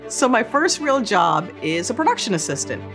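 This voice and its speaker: A woman recounts a comic work story with a bouncing, animated delivery. She slips into quick impressions of the people she meets. Soft music plays faintly behind her. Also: mid-range voice. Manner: lively, acts out quotes in voices. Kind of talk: comic personal anecdote.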